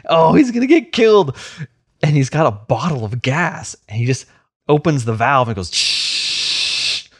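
A man's voice: a little high, animated, moderate pace, husky. A man telling stories in casual chat, often breaking into laughter.

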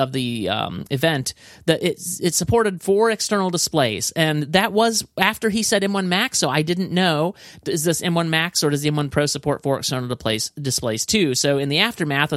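A man co-hosting a casual tech chat, excitable and enthusiastic, often restarting his sentences. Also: on the high side, dry recording, clean studio sound. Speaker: podcast co-host.

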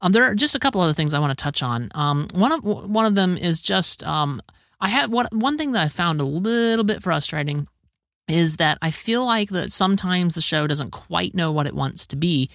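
A man's voice: high-pitched, expressive, normal speed, creaky, fairly bright tone, no echo, clean studio sound. A man co-hosting a casual show review chat, hesitant, repeating his words and laughing often.

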